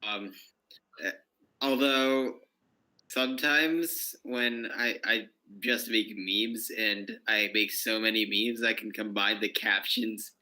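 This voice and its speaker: A young man chatting casually on a stream in a low-key, dry way. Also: fairly even intonation, takes it slowly, pushed and bright, rough recording. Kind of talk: casual chat.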